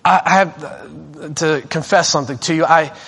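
A male preacher telling a personal story in a sermon. He is animated and self-deprecating and often restarts his sentences. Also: fairly high pitch, measured pace, slightly rough.

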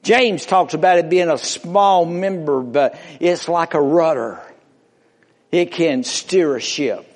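Male preacher, slightly high voice, unhurried emphatic sermon delivery, reverberant church sound. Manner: slow, emphatic preaching with rising and falling delivery.

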